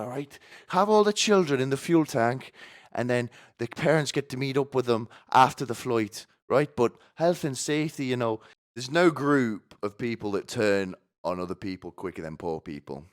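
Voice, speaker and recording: Medium-pitched and animated, this man speaks at normal speed in a solo, stand-up style rant on a live stream. He's rambling and provocative, swearing, full of asides, and often asking "right?"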